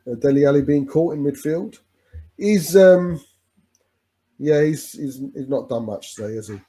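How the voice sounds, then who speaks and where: A man's voice: on the high side, normal speed, warm tone. A man chatting casually as a fan co-host during a live football watch-along, rambling with restarts and calling his friend "mate".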